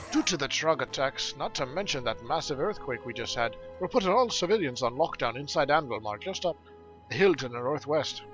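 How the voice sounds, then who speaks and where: A man voicing gruff male dwarf quest-givers with a put-on fantasy dwarf brogue, reading game quest text aloud. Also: on the high side, highs cut off, natural voice.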